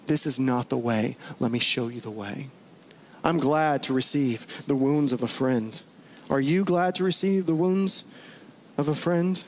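Brief: male pastor, chatty sermon, voice a touch high. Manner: conversational, animated, rhetorical questions.

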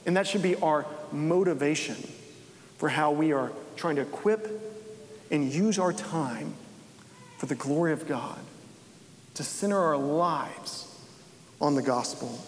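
A man's voice: a little high, measured pace, long pauses, in a large hall, slight background noise. A man preaching in an earnest way, pressing his listeners with probing questions. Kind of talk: earnest spoken exhortation.

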